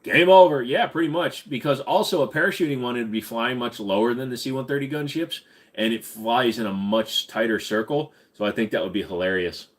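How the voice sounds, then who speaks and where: A man's voice: medium pitch, a little fast. A man hosting a casual live question-and-answer stream, rambling and swearing freely with lots of fillers. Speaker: livestream host.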